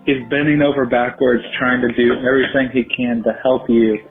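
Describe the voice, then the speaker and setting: A man's voice: mid-range voice, little pitch movement, brisk. A man from Texas leaving a long, rambling phone voicemail, hesitating between thoughts. The line sounds thin and tinny, with light music underneath. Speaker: caller. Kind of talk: voicemail message.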